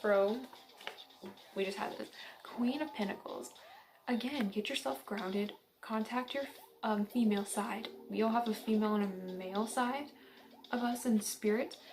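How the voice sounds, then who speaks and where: A chatty, giggly young woman from central Illinois talks through a casual tarot reading in an upbeat, friendly way. Her voice sits at an ordinary middle pitch. A steady hiss and some clicks run behind her. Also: unhurried. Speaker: tarot reader.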